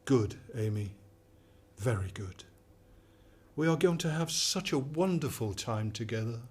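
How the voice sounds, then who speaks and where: Sinister AI companion in a radio play, calm and coaxing, mid-pitched male voice , played by a man. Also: a little slow, husky. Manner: calm, soothing, manipulative. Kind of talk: radio drama acting.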